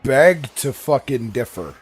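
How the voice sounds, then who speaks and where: A male streamer in casual gaming banter, with a level, middle-pitched voice and a dry, deadpan way of landing crude jokes. He sounds like an ordinary guy talking to friends while he plays. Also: unhurried, husky, soft background music.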